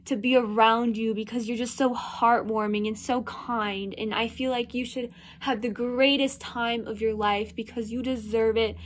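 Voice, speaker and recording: A teenage girl recording a farewell message, gushing and rushing her words while fighting back tears. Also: on the high side, slight background noise. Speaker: theater student.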